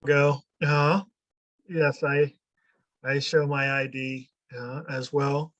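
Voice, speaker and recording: Guy in a tabletop game, talks slow, halting, dry sound. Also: mid-range voice, level tone, a bit bright, no echo, lo-fi sound. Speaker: player.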